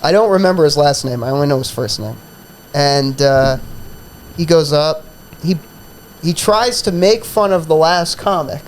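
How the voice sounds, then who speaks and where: A man's voice: fairly high pitch, moderate pace, a little hiss or hum, rough recording. A man who hosts a comedy podcast, telling a profane, rambling story in a casual chat full of fillers.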